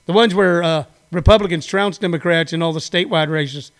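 An older man hosts a podcast of casual political commentary, rambling and opinionated. His voice is a little high and brisk.

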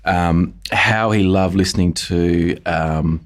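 Deep guy asking questions, rambles a lot, lots of ums and false starts. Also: fairly even intonation, slow. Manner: rambling, hesitant, many ums and restarts. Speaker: interviewer. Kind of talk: casual conversational interview.

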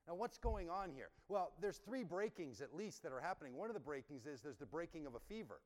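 A man's voice: on the high side, sing-song, a little fast, hardly any pauses. A man preaching a sermon in a conversational, emphatic style, asking rhetorical questions. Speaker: pastor. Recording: reverberant hall sound.

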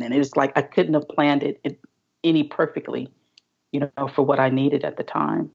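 A woman speaks as a podcast guest in a low, husky voice with a gravelly fry at the ends of phrases. She tells her story haltingly, circling back and repeating words. The audio is dull and lo-fi. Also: steady tone, a little mellow. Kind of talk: casual interview storytelling.

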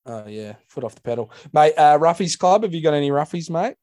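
Recorded in studio quality with no room sound, a young Australian man co-hosts a casual sports podcast. His darkish voice is a little high, expressive, and fairly quick, and he's laid-back and sweary, calling everyone mate.

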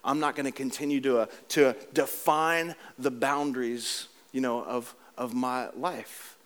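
A pastor preaching a sermon, animated and joking at times, then dropping into a low, earnest tone as he tells a story from his church. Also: a little slow.

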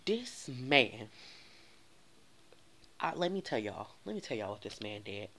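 Gravelly-voiced man telling a dramatic story. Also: mid-range voice, a little slow, a little hiss or hum. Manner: animated, dramatic, addresses viewers directly. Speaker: storyteller vlogger. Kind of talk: casual storytime monologue.

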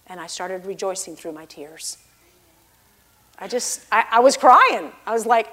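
A woman preaching a heartfelt sermon in a notably high voice. She drops to soft, almost whispered tones, then rises into loud, emphatic declarations. She explains scripture with earnest insistence. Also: expressive, normal speed. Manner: swings from hushed, near-whispered intimacy to loud exclamation; emphatic, expository. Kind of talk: sermon testimony.

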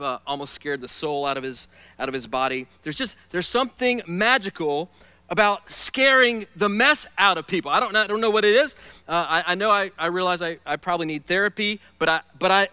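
A man preaching a sermon, telling stories in a playful, animated way and acting out the scenes he describes. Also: on the high side, smooth, no room sound. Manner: animated, playful storyteller who acts out scenes. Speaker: pastor.

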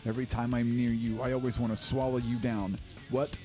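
A man's voice: mid-range voice, little pitch movement, brisk, dark tone. Man, podcast co-host, casual rambling talk with swearing and laughs, faint music behind. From Oklahoma. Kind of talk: casual chat.

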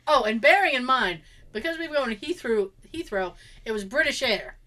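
Animated high-voiced woman telling stories. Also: brisk. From Belgium. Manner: animated, acts out quotes, laughs often. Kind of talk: casual storytelling chat.

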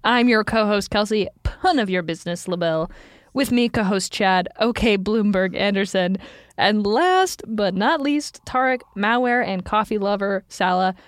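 A playful woman co-hosting a podcast, trading puns and laughing easily in relaxed chat. Her voice sits at an ordinary middle pitch. The sound is close and dry, with no room around it. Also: dry recording. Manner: playful, punning, quick to laugh. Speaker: podcast co-host.

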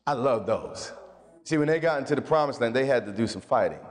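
A man preaching a sermon as a pastor, energetic and conversational, with casual asides. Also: medium pitch, fairly quick, in a large hall.

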